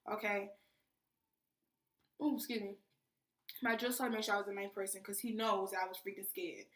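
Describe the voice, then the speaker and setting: A young woman from New tells her training story in a casual, animated vlog, peppering her talk with "freaking". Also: medium pitch. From New York. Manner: animated, chatty, says "freaking" often. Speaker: soldier vlogger. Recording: echoey room, mic at a distance.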